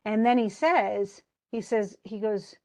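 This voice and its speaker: A woman's voice: mid-range voice, takes it slowly, dark tone. A woman teacher casually retelling a play, chatty, putting its lines into everyday speech.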